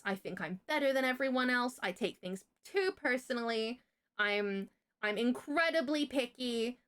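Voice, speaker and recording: A woman's voice: fairly high pitch, fairly bright tone. A young woman on a livestream, telling a story in casual chat, chatty and swearing freely. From Britain.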